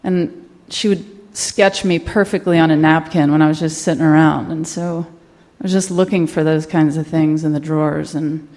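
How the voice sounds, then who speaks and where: A woman from Mississippi, a comedian, telling a personal story on stage in a halting, candid, quietly emotional way. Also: low voice, fairly even intonation. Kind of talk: stand-up storytelling monologue.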